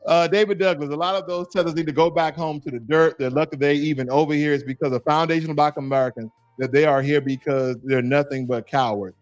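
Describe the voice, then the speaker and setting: A man's voice: on the high side, fairly even intonation, fast, few pauses, no room sound, faint music behind. A man hosting a livestream, reading chat comments aloud and repeatedly goading a commenter to join the call. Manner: taunting, calls a chatter in over and over. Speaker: livestream host.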